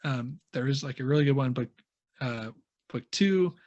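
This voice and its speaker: A man's voice: medium pitch, moderate pace, a little mellow, muffled recording. A man co-hosting a book podcast, speaking casually and hesitantly, often restarting and trailing off. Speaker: podcast co-host.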